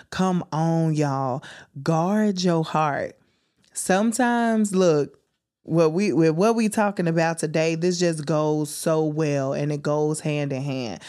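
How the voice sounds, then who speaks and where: A young woman hosts a casual faith podcast. She talks in a chatty, preachy way, fond of calling her listeners homegirls. Her voice sits a touch low. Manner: chatty and warm-hearted, preachy, calls listeners homegirls and baby. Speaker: podcast host.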